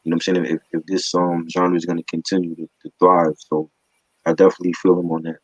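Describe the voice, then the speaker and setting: Low-voiced man reviewing hip hop. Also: level tone, quick pace, no echo, highs cut off. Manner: slangy, joking, opinionated. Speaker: album review co-host. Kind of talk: casual review chat.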